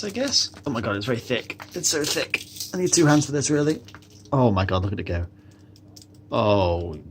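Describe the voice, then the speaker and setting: A man's voice: lowish voice, a little hiss or hum. Chatty British man touring his home. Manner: chatty, rambling, exclaims and laughs at himself. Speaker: vlogger. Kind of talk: casual vlog tour. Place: a house, indoors.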